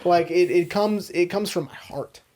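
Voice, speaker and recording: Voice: medium pitch, moderate pace, a little mellow. A podcast co-host chatting casually about movies, emphatic and swearing, who often checks in with "you know?".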